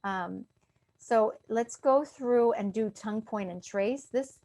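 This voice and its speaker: A woman's voice: a little high, slow, darkish tone. A woman dentist teaching an online class on breathing and tongue posture. She explains things plainly and stops to demonstrate throat sounds for the class. Her voice comes through a video call. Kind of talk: online lecture.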